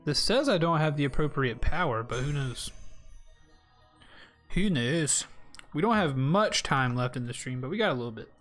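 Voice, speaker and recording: A man's voice: fairly high pitch, lively intonation, moderate pace, pauses often, fairly bright tone, faint music behind. A man with a Southern US accent, rambling in casual live gameplay commentary and chatting straight to his viewers. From Southern United States. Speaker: streamer.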